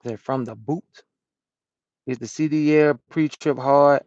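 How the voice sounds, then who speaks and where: Trucker dude talking to his chat from the cab, kinda high voice, dry muffled little mic sound. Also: steady tone, a little slow, no echo. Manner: loose slangy talk, answering chat out loud. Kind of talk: casual live-stream chat. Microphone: small camera-mounted microphone.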